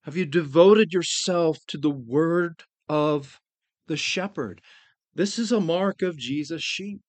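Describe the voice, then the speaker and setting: A man preaching a sermon as pastor, earnest, slowing down to stress key phrases. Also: a little high, no room sound.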